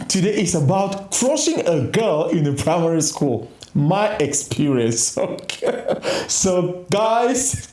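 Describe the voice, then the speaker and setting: A man telling a story on his own channel with a lively voice that keeps breaking into laughter. His voice sits a bit high for a man and swings widely up and down. The room around him sounds echoey. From grew up in a village, West Africa. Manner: laughs often, excited and animated. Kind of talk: casual storytelling vlog.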